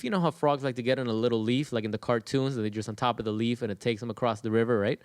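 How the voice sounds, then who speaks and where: Smooth-voiced, emphatic male host. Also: mid-range voice, fast talker, hardly any pauses, dry recording. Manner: emphatic, repetitive and profane. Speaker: channel host. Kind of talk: casual monologue to viewers.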